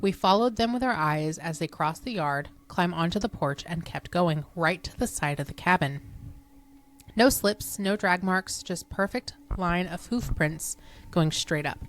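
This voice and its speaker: Female podcast co-host, lowish voice, suspenseful and hushed storyteller. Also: lively intonation, a little slow, a little hiss or hum. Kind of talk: reading spooky stories aloud.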